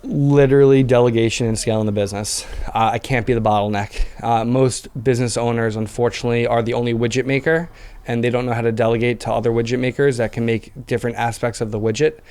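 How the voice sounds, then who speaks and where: A man in his thirties chats as a podcast guest with a smooth, resonant voice at an ordinary middle pitch. He tells his story in a lively, casual way, leaning on plenty of filler words as he goes. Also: quick pace. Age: 30s. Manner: animated storyteller, heavy fillers. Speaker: podcast guest, business owner. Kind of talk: casual interview chat.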